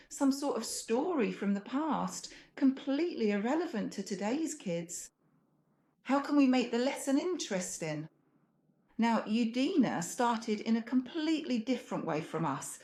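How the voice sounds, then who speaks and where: A woman's voice: fairly high pitch, a little mellow. Patient woman explaining piano technique. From Russia. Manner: patient, illustrative, sings phrases along. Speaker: piano teacher. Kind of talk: explanatory music lesson. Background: faint piano playing.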